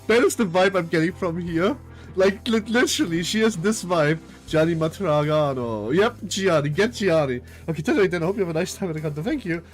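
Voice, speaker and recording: A woman streaming a game who reads the dialogue aloud and reacts in an excitable way, laughing often and swearing freely. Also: on the low side, a little fast, soft background music. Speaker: VTuber streamer.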